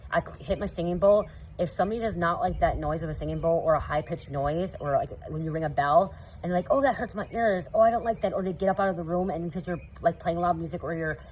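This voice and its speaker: Speaking fast in a lowish, steady, darkish voice, a woman who makes spiritual content addresses viewers in an earnest, coaching tone. Her monologue rambles casually, peppered with "you know" and "okay?", and a little hiss or hum is audible.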